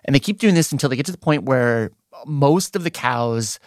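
A man hosting a story podcast, explaining findings in a clear, storytelling way. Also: medium pitch, lively intonation, moderate pace, dry recording, studio quality. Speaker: podcast host and reporter.

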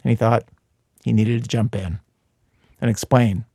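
A man's voice: mid-range voice, fairly even intonation, a little slow, creaky, dark tone, dry recording. A man hosting a radio show, narrating in a wry, conversational way from a studio mic.

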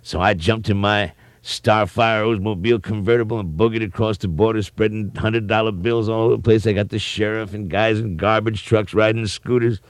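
A man's voice: on the low side, fairly quick, hardly any pauses, no echo. A man telling a rowdy story from his past, with vivid sound effects. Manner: lively yarn-spinner with sound effects. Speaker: interviewee. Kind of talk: animated storytelling.

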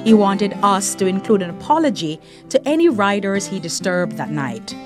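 A woman host reading a calm, scripted epilogue. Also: mid-range voice, normal speed. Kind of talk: scripted narration. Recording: narration over guitar music.

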